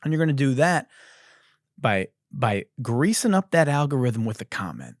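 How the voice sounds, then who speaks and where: A male comedy podcast host whose pitch leaps and swoops as he rants, swearing freely and playing up his outrage. His mid-pitched voice sits close and dry on the mic, with no room sound around it. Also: moderate pace, dry recording. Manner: animated, profane ranting. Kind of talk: comedic monologue.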